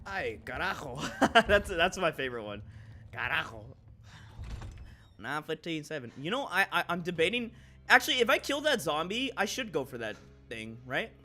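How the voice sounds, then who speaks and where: A man's voice: on the high side, big pitch swings, moderate pace, bright, forceful tone, faint music behind. A man streaming a video game, chatting casually and joking, laughing often and tossing in Spanish exclamations. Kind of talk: casual chat while gaming.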